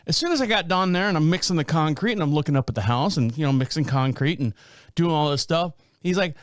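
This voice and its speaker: A man in his fifties hosting a casual chat show, telling stories in an animated way, swearing and laughing often. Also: a little high, quick pace, no room sound, studio quality. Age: 50s. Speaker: podcast host.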